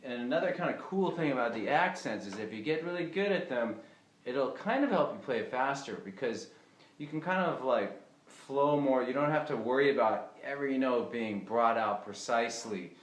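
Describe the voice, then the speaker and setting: A man giving a casual fiddle lesson, talking in a relaxed, chatty way with lots of fillers. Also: medium pitch, moderate pace, soft background music. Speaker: fiddle teacher. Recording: echoey room with fiddle playing.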